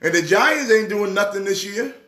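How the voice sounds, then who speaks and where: A man who is a pastor, talking sports casually in an excitable way, repeating words with a preacher's rhythm. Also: high voice, normal speed, roomy sound. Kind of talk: casual sports talk show.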